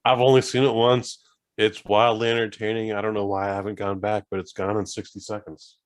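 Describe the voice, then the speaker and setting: Brief: relaxed low-pitched man, podcast co-host, jokey and self-deprecating. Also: a little fast. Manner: easygoing, joking, self-deprecating. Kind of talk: casual chat.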